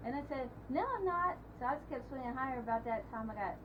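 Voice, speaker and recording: A middle-aged woman tells a family story with a lot of life in it, and she lifts her voice when she acts out what others said. Her voice sits a little high. The home recording is dull and has a clear hiss behind it. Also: quick pace. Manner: animated, acts out quotes with a raised voice. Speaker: family member. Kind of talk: casual storytelling at a family table. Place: indoors at a family table.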